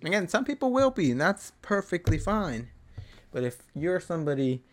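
A man's voice: high voice, very animated, normal speed. A young man hosting a podcast, delivering a blunt, rambling motivational monologue full of swearing. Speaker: podcast host.

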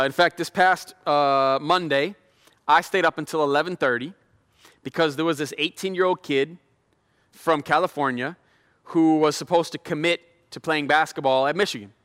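A man's voice: a little high, bright, forceful tone, clean tone. A middle-aged male pastor giving a sermon, chatty and self-deprecating, building into fervent prayer. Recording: long hall reverb.

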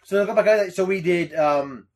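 A young man hosting a casual podcast chat, swearing freely and breaking into loud mocking impressions. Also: sits high, a little slow, gravelly. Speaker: podcast host.

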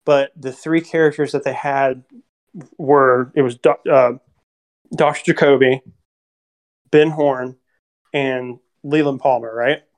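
Animated podcast co-host acting out film scenes. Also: mid-range voice, slow, pauses often. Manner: animated, acts out quoted lines. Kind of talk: casual film discussion.

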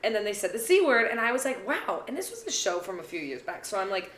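A woman with a Midwestern accent co-hosting a podcast, telling stories in a wry, expressive way. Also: mid-range voice, fast talker, reverberant, a little hiss or hum. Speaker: podcast co-host. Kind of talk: casual chat. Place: apartment room.

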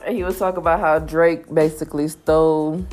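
A woman's voice: deep voice, little pitch movement, moderate pace, a little mellow, faint music behind. A woman co-hosting a casual chat show, blunt and profane, laughing often. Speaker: podcast co-host.

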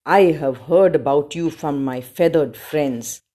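A woman voicing a gruff but kind female polar bear in a storybook reading, speaking slowly and deliberately. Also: low voice, mellow. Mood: gruff, welcoming.

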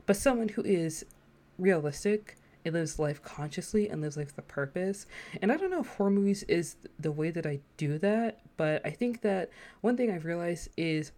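A woman with a notably low speaking voice talks through a casual solo podcast episode. She is chatty and slangy, with rhetorical asides to her listeners. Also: darkish tone. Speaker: podcast host.

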